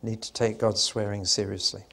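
An older man delivers a Bible teaching in sermon style, telling the story with emphasis. He slows down and leans on the key moments to give them weight. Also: on the low side, flat delivery, vocal fry, fairly bright tone.

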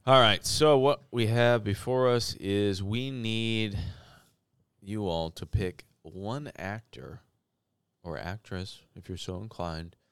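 Man, podcast host, wry, relaxed, dry close mic. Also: fairly low pitch, slow pace, smooth, no echo. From St. Louis, Missouri, US. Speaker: podcast co-host running the segments. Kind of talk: casual chat.

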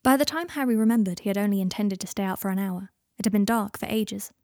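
A woman's voice: medium pitch, fast, mellow, no echo. Woman narrating a story, dry close sound. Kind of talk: audiobook reading of fan fiction.

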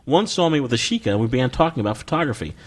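A man hosting a casual podcast chat, reading listener letters aloud in a relaxed, joking way. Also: medium pitch, very fast, breathy edge. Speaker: podcast host.

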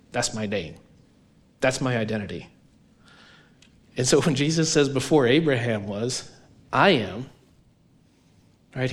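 A man preaching a sermon as pastor, earnest and emphatic, often checking in with his listeners with a quick question. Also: medium pitch. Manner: earnest, emphatic, keeps asking "right?".

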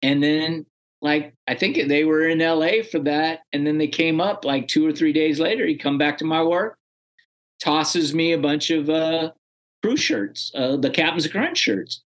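Man, interview guest, casual storytelling, slangy and chatty, a bit high-pitched. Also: unhurried, fairly bright tone. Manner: chatty, slangy, acts out quoted dialogue.

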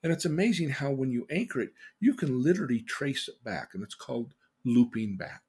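An older man, a podcast host, earnestly telling personal stories, his voice swinging between loud and hushed. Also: medium pitch, lively intonation, fairly quick, husky. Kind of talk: personal storytelling.

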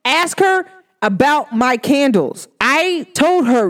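Outspoken woman doing spiritual readings on a podcast, animated, voice jumping all over. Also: sits high, slow. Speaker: spiritual reader and candle maker. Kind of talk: casual podcast monologue.

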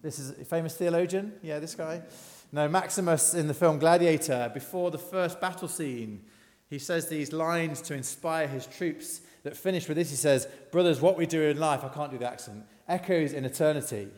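A man's voice: on the high side, normal speed, hardly any pauses, darkish tone. Chatty man preaching in a hall. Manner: conversational, asks the congregation questions. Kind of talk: sermon. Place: church.

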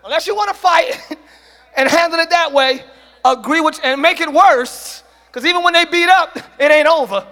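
A man preaching a sermon as pastor to a congregation, using slang and acting out quick quoted voices. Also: extremely high pitch. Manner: preaching with call-and-response and shouted peaks. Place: church hall with congregation.

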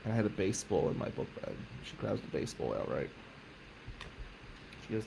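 A man telling a personal story in an emphatic, profane way, loudly acting out the people he quotes. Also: fairly low pitch, animated, fairly quick, vocal fry, noisy background.

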